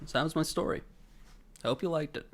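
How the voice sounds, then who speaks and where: Animated man telling a story. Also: fairly high pitch, fast talker, noisy background. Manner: animated storyteller, acts out quoted voices. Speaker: podcast co-host. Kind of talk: casual chat, storytelling.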